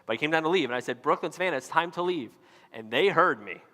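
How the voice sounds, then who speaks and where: A bright, fairly high-voiced man in his thirties preaching a casual, story-driven sermon. He talks like he's chatting with friends and pokes fun at himself. His voice rings out with a long reverb tail from a big church auditorium. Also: expressive, quick pace. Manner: conversational and self-mocking, acting out his kids' voices. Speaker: pastor.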